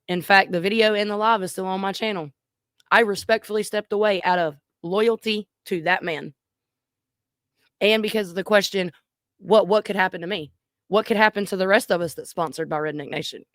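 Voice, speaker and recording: A woman's voice: mid-range voice, a bit bright, no echo, studio quality. A woman giving reaction commentary in an earnest, emphatic way. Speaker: reaction video host.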